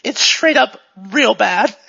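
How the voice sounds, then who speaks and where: A game master voicing an excitable, pushy female TV star who gushes and swings between loud and hushed. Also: mid-range voice, takes it slowly, vocal fry, breathy edge, dull audio, heavily acted. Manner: gushing, jumps from excited to hushed.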